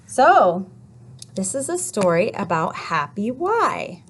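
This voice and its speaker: A woman teaching a children's phonics lesson, telling a little story slowly and playfully with sound effects. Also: medium pitch, very animated, a little hiss or hum.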